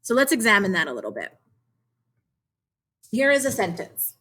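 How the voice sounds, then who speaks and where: Woman teacher, young adult, clear encouraging delivery, online lesson for kids. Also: medium pitch, wildly swooping pitch, moderate pace, pauses often, sharp tone. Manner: clear, encouraging classroom delivery with questions to students. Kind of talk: remote video lesson for children.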